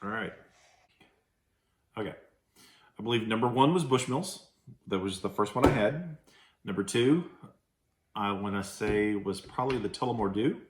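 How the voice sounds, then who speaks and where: A Texan man with a somewhat low voice reviews snacks from his own home. He talks casually and rambles, often breaking off and restarting his sentences as he tastes. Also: normal speed, pauses often, slight background noise. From Texas. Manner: chatty, rambling, with frequent restarts. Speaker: food reviewer. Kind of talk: casual food-tasting vlog.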